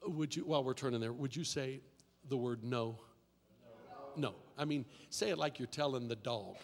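A man preaching a sermon as pastor, telling a story and then building to shouted repetitions and call-and-response with the congregation. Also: mid-range voice, fairly quick, vocal fry. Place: church sanctuary. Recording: long reverb of a large hall.

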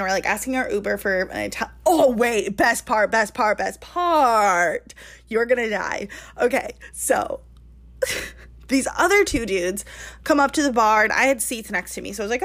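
A woman in her twenties telling a lively story on a casual podcast, laughing often and saying "like" a lot. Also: a little high, normal speed. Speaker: podcast co-host.

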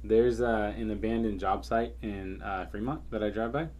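A man's voice: on the low side, moderate pace, a crowd in the background. A man chatting casually as a co-host, swearing and telling loose, rambling stories. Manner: profane, loose storytelling with fillers. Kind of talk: casual chat.

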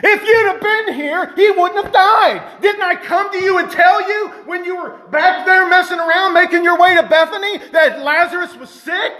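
A man's voice: extremely high pitch, normal speed, hardly any pauses, sharp tone, echoey room, big-room sound, pitched above the performer's own voice. A man voicing Martha, a distraught woman who reproaches someone she feels let her down. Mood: reproachful. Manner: exasperated, reproachful.

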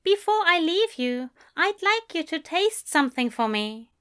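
A woman's voice: extremely high pitch, big pitch swings, measured pace, fairly bright tone, pitched above the performer's own voice, exaggerated voice. A woman voicing a genteel, fussy male angel who is fond and lightly teasing, in a read-aloud story. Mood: fond, prim. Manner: prim, affectionate, lightly teasing. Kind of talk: audiobook reading.

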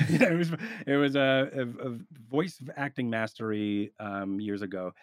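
Rambling, animated man in casual chat. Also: mid-range voice, measured pace, no room sound, clean studio sound. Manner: rambling and animated, with frequent restarts. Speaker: roleplayer giving advice.

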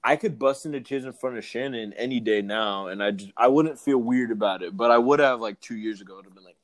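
A man's voice: mid-range voice, a little fast, hardly any pauses. A young man co-hosting a podcast, chatting candidly and profanely, laughing often. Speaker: podcast co-host. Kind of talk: casual chat.

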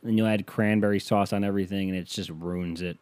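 A man's voice: deep voice, fairly even intonation, a little fast, a little mellow, clean tone, no echo. A man hosting a podcast, delivering a sarcastic, ranting comedic monologue and acting out the people he quotes. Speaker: podcast host.

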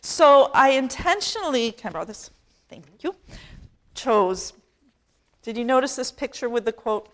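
Woman priest, middle-aged, higher-pitched, chatty storytelling sermon, self-deprecating. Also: animated, moderate pace, long pauses, fairly bright tone. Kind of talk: conversational sermon.

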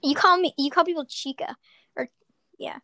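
High-voiced playful young woman. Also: normal speed, bright, forceful tone, dry recording, studio quality. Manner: playful, jokey, breaks into silly singing and mock readings. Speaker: podcast co-host. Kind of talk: casual chat.

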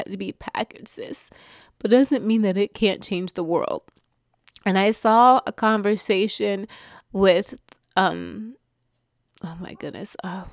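A woman's voice: medium pitch, dry recording, clean studio sound. A woman vlogging, talking through personal struggles in a heartfelt, rambling way with self-corrections. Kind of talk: emotional personal sharing.

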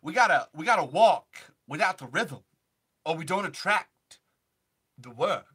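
A man plays an eccentric older actor with a halting, off-kilter cadence. The voice is bright and lively, and it stops and starts in strange places. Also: fairly high pitch, husky, heavily acted. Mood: musing. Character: offbeat older male actor, odd cadence.

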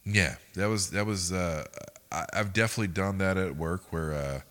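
A man's voice: deep voice, normal speed, a bit bright. A young man co-hosting a podcast, telling rambling, profane stories in casual chat. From United States. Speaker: podcast co-host.

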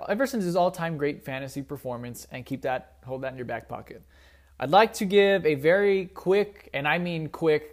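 A young man hosting a solo sports podcast, rambling casually with fillers and restarts, joking at his own expense. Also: on the high side. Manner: rambling, self-deprecating, with many fillers and restarts. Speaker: podcast host.

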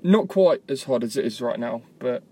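A man's voice: mid-range voice, lively intonation, normal speed, mellow. A man hosting a podcast from a parked car, talking in a rambling, self-mocking way. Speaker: podcast host. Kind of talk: casual podcast chat. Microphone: tablet voice memo app.

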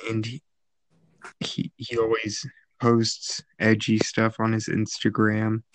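A man's voice: fairly low pitch, completely flat delivery, slow pace, slight background noise. A man hosting a casual podcast chat, talking in a dry, teasing, opinionated way. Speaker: podcast host.

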